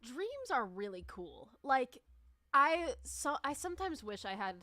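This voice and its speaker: A woman's voice: high voice, big pitch swings, measured pace, pushed and bright, no room sound. Chatty woman streamer with a dry close sound. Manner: rambling, chatty, many "like" fillers. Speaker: livestreamer and musician. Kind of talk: casual livestream chat.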